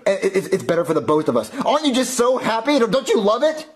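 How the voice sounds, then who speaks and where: A man voicing a whiny, hesitant young boy with a gravelly edge in a puppet comedy sketch. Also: sits high, very animated, fast, roomy sound. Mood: eager.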